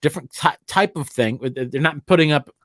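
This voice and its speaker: A man hosting a casual chat, excitable and quick to laugh and swear. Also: fairly high pitch, no room sound, clean studio sound. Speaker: podcast host.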